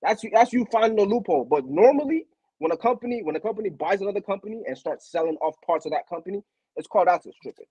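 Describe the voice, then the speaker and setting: Fast-talking husky man arguing. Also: high-pitched, dry recording, lo-fi sound. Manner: animated, argumentative. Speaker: panelist. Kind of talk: casual chat.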